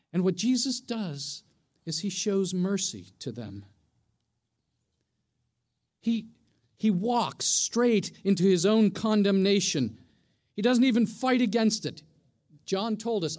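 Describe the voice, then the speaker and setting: A man's voice: high voice, very animated, slow pace, long pauses, darkish tone. A middle-aged man, a pastor, preaching a sermon in a conversational way, often asking the congregation questions.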